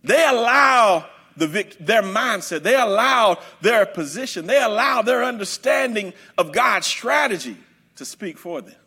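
High, bright-voiced male preacher shouting. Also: animated, measured pace, husky. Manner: emphatic, repetitive, bursts into shouts. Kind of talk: sermon.

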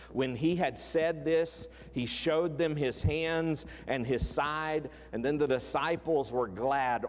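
Preacher man in a reverberant hall. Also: mid-range voice. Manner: emphatic, repeats words, swings from loud to hushed. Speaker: pastor. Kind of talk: sermon.

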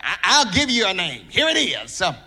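Preacher man, super high bright voice, fiery sermon that goes singsong and shouty. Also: huge pitch swings, normal speed, husky. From Mississippi. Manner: fervent preaching, rising into sung whooping and shouts. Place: church.

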